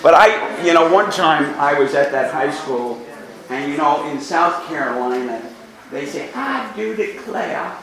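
A man's voice: fairly high pitch, moderate pace, a loud crowd. An older man from New York City with a New York accent, a priest giving an earnest, informal talk to young people and repeating words as he goes. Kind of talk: informal talk to a youth group. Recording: echoey room from far off with background noise.

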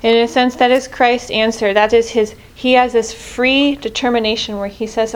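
A woman's voice: fairly high pitch, steady tone, normal speed, few pauses, clear, resonant tone. A woman leading a group prayer reflection in an earnest way, often restarting and correcting herself mid-sentence. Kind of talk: spoken reflection on scripture.

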